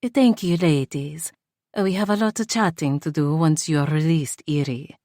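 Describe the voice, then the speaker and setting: A woman's voice: low-pitched, unhurried, mellow, no echo, clean studio sound. A woman reading an audiobook, voicing a middle-aged Italian aunt who fusses over her nephew's girlfriend in a motherly way. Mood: doting.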